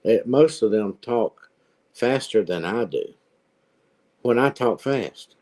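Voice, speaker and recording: A man's voice: mid-range voice, lively intonation, slow pace, pauses often, a little mellow. A man from Virginia with a Virginia accent, chatting casually in an easygoing way and chuckling now and then. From Virginia, United States. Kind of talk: casual chat.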